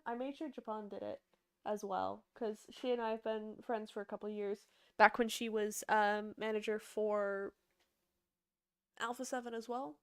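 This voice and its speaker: A young woman casually chatting with her livestream chat as an esports caster and analyst, bubbly and quick to laugh. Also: on the high side, clean tone, no echo, studio quality.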